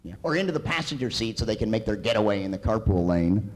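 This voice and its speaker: A man's voice: fairly low pitch, big pitch swings, quick pace. A male comedian performing a stand-up set live on a community center stage, with a dry, wry delivery.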